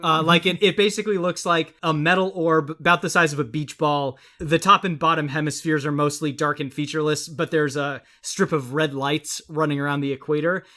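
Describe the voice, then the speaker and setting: A man's voice: on the high side, steady tone, a little fast, few pauses, pushed and bright. A man narrating a tabletop game as game master, descriptive and laughing often.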